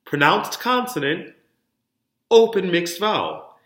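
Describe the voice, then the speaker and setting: Slow, bright-voiced man teaching diction. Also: fairly high pitch, wildly swooping pitch. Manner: drills words with strong emphasis, then explains softly. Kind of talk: French pronunciation lesson. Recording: roomy echo.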